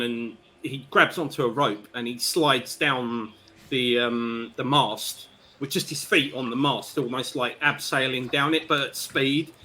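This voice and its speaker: A man's voice: mid-range voice, bright, forceful tone, slight background noise. A man, a tabletop game player describing his character's actions in a rambling, descriptive way.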